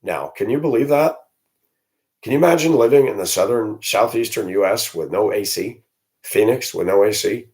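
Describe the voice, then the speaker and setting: A man's voice: fairly low pitch, normal speed, darkish tone. A man vlogging alone, speaking in a blunt, indignant, ranting way. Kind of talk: solo opinion monologue.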